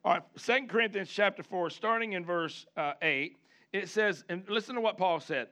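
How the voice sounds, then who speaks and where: A man preaching a sermon, animated, switching between chatty asides and loud shouted lines, acting out the people he quotes. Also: sits high, moderate pace. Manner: acts out the congregation and the people he quotes. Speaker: pastor.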